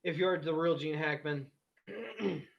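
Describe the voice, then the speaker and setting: A man's voice: a little high, slow pace, vocal fry. A man hosting a casual live stream, reading chat comments aloud and bluntly talking back to trolls with plenty of swearing. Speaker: livestream host. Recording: dull lo-fi stream audio.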